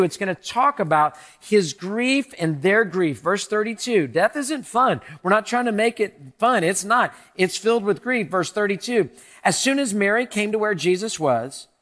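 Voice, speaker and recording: A male pastor delivering an Easter sermon to his congregation, animated and repeatedly asking rhetorical questions. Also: high voice, moderate pace. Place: church in front of a congregation.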